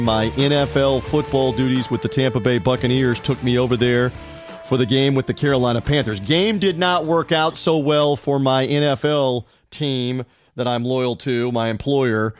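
A middle-aged American man hosting a podcast in a casual, chatty and self-deprecating way, with a deep resonant voice. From United States. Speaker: podcast host. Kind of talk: casual podcast talk with ad read.

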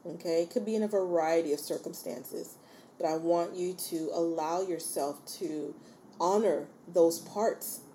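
Woman, solo podcast host. Warm and mellow, chatty, encouraging, keeps checking in with listeners. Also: lowish voice, unhurried, a little hiss or hum. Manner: chatty and informal. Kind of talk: casual solo podcast talk.

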